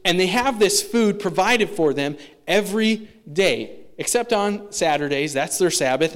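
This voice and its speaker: Male pastor, fairly high-pitched, casual preaching that switches into little acted-out voices. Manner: conversational preaching, acting out quoted voices. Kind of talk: sermon.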